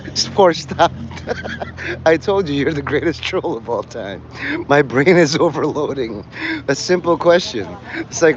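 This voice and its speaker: A mid-range-voiced man rambles and cracks jokes while livestreaming from a rainy city street outdoors. He does quick voice impressions and laughs a lot, heard through dull audio with background noise.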